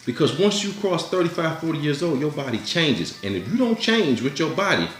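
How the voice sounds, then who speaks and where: A man's voice: on the high side, big pitch swings, a little fast. A man hosting his own commentary, giving a blunt, preachy motivational monologue that repeats its urgings. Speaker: commentary host. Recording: echoey room with faint music.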